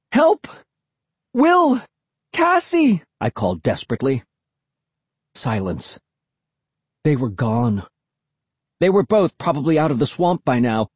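An audiobook narrator giving a dramatic, expressive first-person reading. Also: mid-range voice, breathy edge, no room sound.

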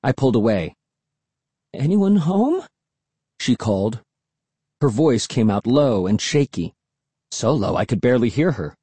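A man reads a first-person adventure story with plenty of expression, his voice husky and his pitch swinging widely. He drops into a hush when things turn tense. The recording is close and dry, with no room sound. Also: normal speed, dry recording. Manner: expressive, hushed for suspense, raised for shouts. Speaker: audiobook narrator.

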